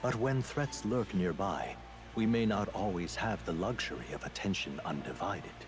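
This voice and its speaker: An actor playing a formal, courtly male mentor in a video game, speaking in measured, old-fashioned phrases over game music. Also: deep voice, animated. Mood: courteous. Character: courtly male mentor figure guiding the hero. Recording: game audio played on a stream, music under it.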